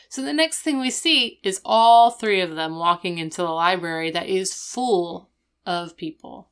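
A young woman with a low, smooth, clear voice recaps a TV episode in casual chat. She retells the plot in quick, animated bursts, filled with "like" and "um". She slips into the characters' voices as she goes. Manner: animated storytelling, acting out the characters' lines; chatty, with many fillers like "like" and "um". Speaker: podcast co-host.

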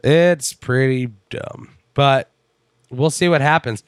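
Smooth-voiced man rambling casually. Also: medium pitch, slow, no echo, studio quality. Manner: rambling, wry, sprinkled with swearing. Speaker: wrestling podcast co-host. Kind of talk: casual chat.

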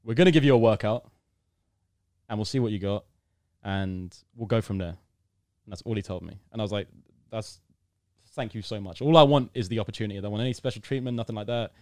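A man's voice: lowish voice, fast talker, pauses often, no echo, clean studio sound. A young man from the United Kingdom, telling a long story in a casual interview and acting out the people in it. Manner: animated storyteller, acts out quotes, bursts into loud excitement. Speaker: podcast guest.

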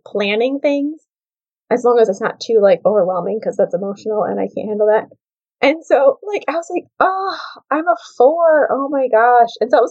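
Chatty animated woman podcaster, lo-fi. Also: fairly high pitch. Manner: animated, chatty, lots of "like" and quoted self-talk. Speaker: podcast host. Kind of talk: casual solo podcast storytelling.

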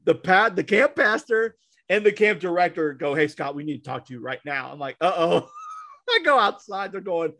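A young man tells a funny story as a podcast co-host, animated and laughing as he goes. His voice sits a little high for a man. The sound is dry and close. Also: moderate pace, no room sound. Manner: animated, laughing, sarcastic asides. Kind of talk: casual storytelling.

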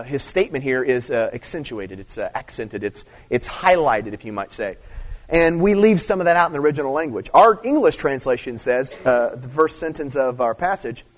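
A man preaching a sermon in a casual, conversational way, repeating phrases, checking in with "okay?", and rising to loud emphatic stress. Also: fairly high pitch. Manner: conversational, repeats himself, frequent "okay?" and "see"; rises to loud emphatic stress on key points. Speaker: pastor.

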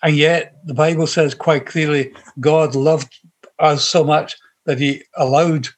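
A man's voice: a little high, fairly even intonation, measured pace. A middle-aged man with a Glaswegian Scottish accent, telling his personal faith story to an interviewer in an earnest, heartfelt, rambling way. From Scotland. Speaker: guest sharing his faith testimony. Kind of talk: personal testimony in conversation.

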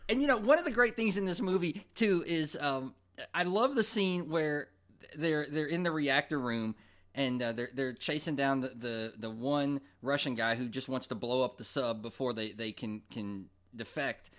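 An enthusiastic man co-hosting a casual movie podcast, his voice bright and forward. He retells favorite scenes eagerly, often repeating words as he thinks. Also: mid-range voice, normal speed. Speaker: podcast co-host.

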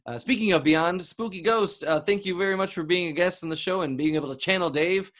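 A man's voice: sits high, fast, a bit bright. A man playing a flustered, apologetic talk-show doctor who stammers and restarts constantly, hosting an improvised comedy podcast. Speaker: host.

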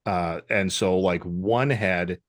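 A man in casual podcast chat, telling animated stories and slipping into character voices. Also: low voice, slow pace, no room sound. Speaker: podcast guest.

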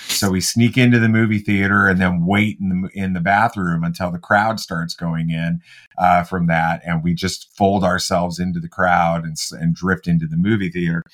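A middle-aged man on a casual podcast, telling a story with animated energy and many halting restarts. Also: low-pitched. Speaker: podcast co-host. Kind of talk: casual chat.

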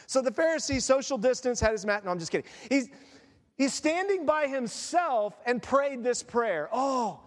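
A man preaching a sermon as pastor, animated and joking, acting out voices of the people in his stories. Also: very high-pitched, normal speed. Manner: animated, jokey, acts out quoted voices. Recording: long hall reverb.

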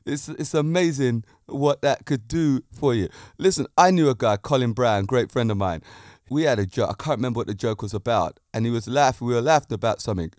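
A man hosting a casual podcast monologue, animated and often laughing at his own jokes. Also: medium pitch, a little fast, no room sound, clean studio sound. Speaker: podcast host.

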